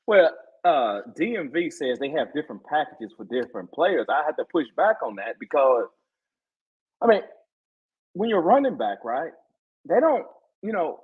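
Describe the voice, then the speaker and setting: A man with a high, husky voice talks football on a casual podcast, and his pitch swings up and down as he gets heated. He is passionate and says his points again and again to make them land. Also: normal speed, phone-quality sound. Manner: impassioned, animated, repeats himself for emphasis. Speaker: guest co-host. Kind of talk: casual sports podcast debate.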